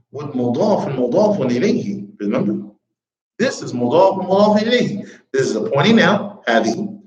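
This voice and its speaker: A man's voice: sits high, a little mellow. A man teaching an Arabic grammar class, constantly quizzing his students with "what?" prompts. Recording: roomy, dull classroom recording.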